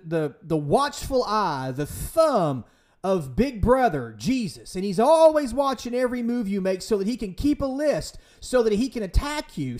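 A man's voice: sits high, a little mellow. A man preaching with passion as a podcast host, emphatic and pleading, full of rhetorical questions. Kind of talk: impassioned preaching.

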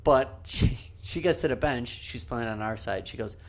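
A man in easygoing podcast banter who tells loose, profane stories. He laughs often as he talks, and his voice sits at an ordinary middle pitch. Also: normal speed. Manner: swearing, laughing, animated storyteller. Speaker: podcast co-host. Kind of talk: casual storytelling chat.

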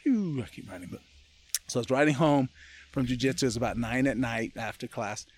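A man from California, a podcast guest, telling a personal story in a loose, animated way and often laughing as he talks. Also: medium pitch. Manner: animated, acts out other people's lines in quick voices. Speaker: podcast guest, martial arts gym owner. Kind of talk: casual storytelling.

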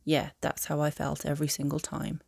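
A woman voicing a remorseful young male aristocrat wizard in a fan audiobook, speaking softly and haltingly. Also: low voice, monotone, vocal fry, no room sound, clean studio sound. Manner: soft, halting confession.

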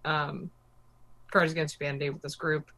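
A woman jumping into a casual podcast chat with quick enthusiasm. Her voice is a little low, and the sound is dry and close. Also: level tone, a bit bright, dry recording. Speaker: podcast co-host.

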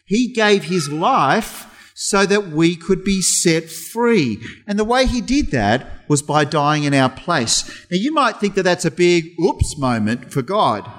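A middle-aged man giving a lively children's talk in church, telling stories with playful sound imitations. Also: high-pitched, slow, hardly any pauses. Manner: animated storytelling, imitates sounds.

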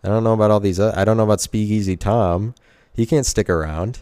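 Male, low and smooth-voiced, rambling sardonic solo talker who keeps correcting himself. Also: brisk, a little mellow, no room sound. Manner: self-interrupting, sardonic, restarts sentences.

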